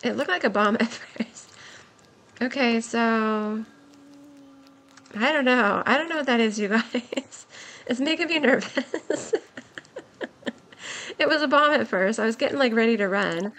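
A young woman giving excited, giggly commentary while playing a game, her voice worn from a long stream. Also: fairly high pitch, unhurried, long pauses. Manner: gushing, giggly, exclaims often. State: voice nearly gone, worn.

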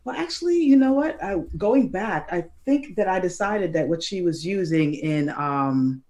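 A young adult guest on a casual panel discussion, speaking at a middling pitch. The delivery is hesitant, full of ums and restarted sentences. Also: animated, moderate pace, darkish tone.

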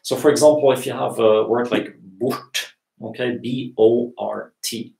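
A language teacher with a creaky, warm, mid-range voice runs a live Q&A lesson from a home room at dusk, speaking a little slowly with fairly even intonation. He explains patiently with many fillers and restarts, using earphones with a mic in an echoey room.

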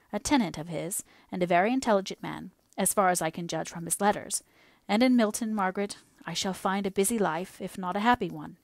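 A woman voicing an anxious older clergyman father in an audiobook, speaking slowly and solemnly. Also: mid-range voice, no echo, clean studio sound, natural voice. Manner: slow, measured, solemn. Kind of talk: audiobook character voice.

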